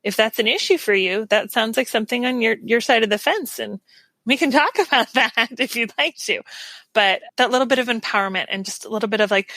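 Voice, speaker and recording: A woman with a bright, clear voice speaks as a podcast guest. She is earnest and reflective and often laughs softly, recorded on a dry, close mic. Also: on the high side, fairly quick, dry recording. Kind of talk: casual interview chat.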